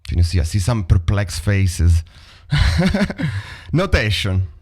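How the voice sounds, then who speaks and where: A man's voice: on the low side, very animated, takes it slowly, a little mellow, husky. A man with an Italian accent teaching a drum lesson over a video call, chatting and vocalizing rhythms aloud.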